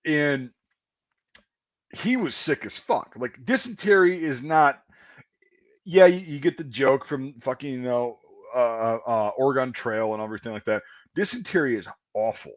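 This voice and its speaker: A man's voice: medium pitch, lively intonation, measured pace, no room sound. Man, casual storytelling, swears a lot, rambling and self-deprecating, dry dull lo-fi sound. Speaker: podcast host.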